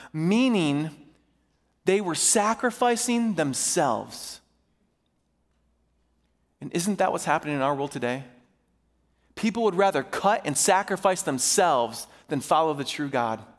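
A man preaching with fervent, emphatic urgency, his high voice carrying through a church sanctuary. Long reverb trails every phrase. He presses hard, then slows to drive points home. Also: animated. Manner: impassioned, swings between urgent and slow, emphatic delivery. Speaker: pastor. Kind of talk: sermon. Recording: reverberant hall.

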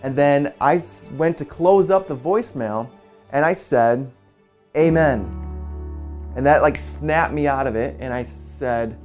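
A man in his forties, a pastor, telling an earnest personal story in a quiet, soft-spoken way. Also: mid-range voice, unhurried. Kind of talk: personal testimony in a church video. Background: soft guitar music.

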